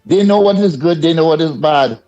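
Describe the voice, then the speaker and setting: A man's voice: fairly high pitch, a little fast, a little mellow, muffled recording, faint music behind. A man with a Trinidadian accent calling a radio show, insistently making his point. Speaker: caller. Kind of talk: phone-in call.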